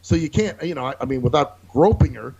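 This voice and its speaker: A man's voice: on the high side, animated, fairly quick, creaky, mellow, husky. A man co-hosting a casual podcast, telling a profane story and acting out other people's lines. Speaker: podcast co-host. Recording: dull lo-fi recording.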